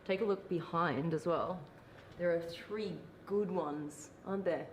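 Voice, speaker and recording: A woman's voice: on the low side, a little slow, a crowd in the background. An Australian woman presenting a car to camera at an auto show, upbeat and addressing the viewer directly. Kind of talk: video presenting. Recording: noisy show floor.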